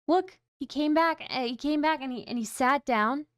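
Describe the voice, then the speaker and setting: A woman streamer giving excitable, mocking reaction commentary, laughing often and swearing casually. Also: high voice, moderate pace, no echo, studio quality.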